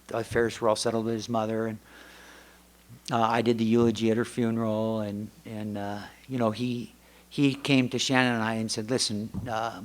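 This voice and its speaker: Rambling middle-aged man sharing his story. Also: lowish voice. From United States. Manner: rambling, self-interrupting storyteller who acts out family dialogue. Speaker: recovery meeting speaker. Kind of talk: personal testimony talk. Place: meeting hall before an audience.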